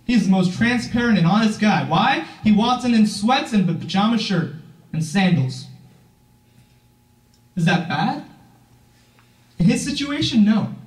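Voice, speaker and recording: Teen boy, earnest motivational speaker, high voice, mic far off in a reverberant room. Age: teens. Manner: earnest, emphatic, asks the audience questions. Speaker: youth founder giving a talk. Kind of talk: motivational speech. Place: event room, heard from a distance.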